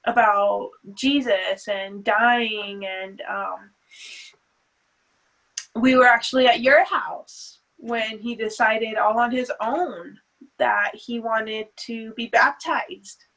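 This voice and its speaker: A woman's voice: on the high side, slow pace, fairly bright tone, low-quality recording. A woman speaking as a guest in an interview, earnest and hesitant, with many fillers and restarts. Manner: earnest, faith-centered talk. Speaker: guest, grieving mother. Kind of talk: emotional interview.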